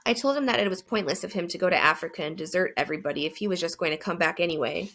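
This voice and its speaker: Low, gravelly woman narrating an audiobook. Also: rapid-fire, fairly bright tone. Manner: earnest, reflective storytelling. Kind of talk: first-person audiobook narration.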